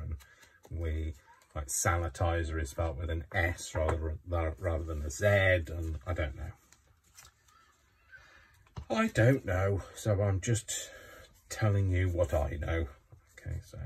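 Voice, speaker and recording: Man, very deep voice, chatty and rambling, lots of ums, casual craft chat, faint noise behind. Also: a little mellow. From Coventry, England. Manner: rambling, chatty, many fillers. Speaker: craft vlogger.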